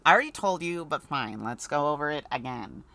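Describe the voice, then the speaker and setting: A pedantic, detail-obsessed male assistant in a video game, voiced by a woman. The voice sits very low for her and stays dry and matter-of-fact, lecturing his chief. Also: lively intonation, a little fast, sharp tone, heavily acted.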